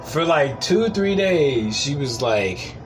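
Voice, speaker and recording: A podcast host tells rambling, profane stories in a casual monologue and laughs at them himself. His voice is a little high with lively intonation and a slow delivery. The recording is low quality, with loud hip hop music playing behind him.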